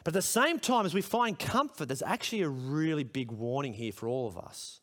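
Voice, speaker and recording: At a school chapel service, a middle-aged preacher delivers a sermon in a high-pitched, somewhat bright voice. His manner is conversational, animated and brisk, and he becomes emphatic when posing questions to the congregation.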